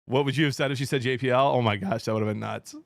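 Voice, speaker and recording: A man's voice: medium pitch, fairly even intonation, very fast, vocal fry, dry recording. A man in his thirties, a streamer, telling a rambling story in casual chat with his viewers.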